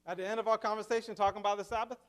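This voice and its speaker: A man telling a personal faith testimony in an excitable, exclamatory way, often repeating himself. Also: high voice, very fast, long reverb tail. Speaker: Adventist speaker sharing a witnessing story.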